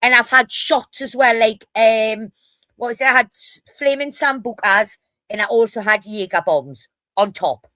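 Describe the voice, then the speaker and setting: A woman's voice: fairly high pitch, moderate pace, bright, forceful tone, dry recording. A woman with a Geordie accent, telling rowdy stories in a casual live stream chat, brash and full of swearing. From North East England.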